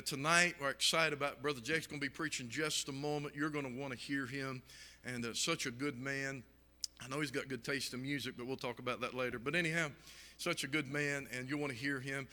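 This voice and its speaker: A man's voice: mid-range voice, sharp tone, big-room sound. A man speaking fervently at a church meeting, emphatic and full of "and, uh" fillers. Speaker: guest preacher. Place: church sanctuary.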